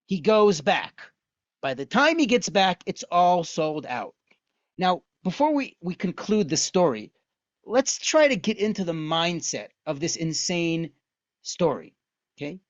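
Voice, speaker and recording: A man teaches an online lesson and tells its story with animated energy and frequent rhetorical questions. The recording sounds dull and lo-fi. The room is dry, with no echo. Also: sits high. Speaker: lecturer on Jewish texts.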